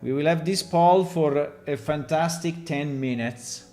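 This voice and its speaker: Slow-talking Italian man streaming. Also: a little high, dark tone, faint music behind. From Italy. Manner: rambling, joking, talks to chat. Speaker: game developer streamer. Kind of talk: casual live stream chat.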